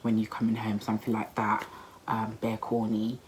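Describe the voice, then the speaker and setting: A woman in her twenties telling a personal story in a chatty, expressive vlog style, full of slang. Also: rumbling low, moderate pace, slight background noise, low-quality recording. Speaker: vlogger.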